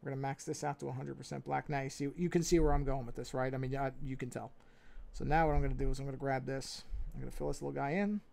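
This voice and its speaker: Gravelly New York man thinking aloud. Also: mid-range voice, fast talker. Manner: talks to himself, muttering and repeating phrases; relaxed, self-correcting. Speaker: livestreaming artist. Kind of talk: casual think-aloud commentary while drawing.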